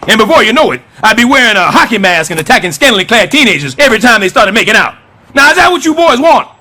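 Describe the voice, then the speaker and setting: A man voicing a brash, scheming middle-aged building superintendent in a cartoon, loud and sarcastic. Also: sits high, big pitch swings, fast talker, exaggerated voice. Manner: loud, sarcastic wisecracking, jumps between growls and squeals. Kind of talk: stop-motion cartoon voice acting.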